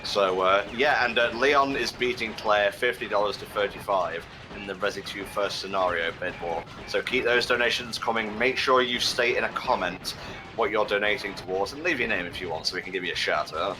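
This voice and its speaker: A man's voice: lowish voice, a little fast, music in the background, poor audio. A man hosting a charity gaming stream, joking and swearing while reading out donations. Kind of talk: casual gaming commentary.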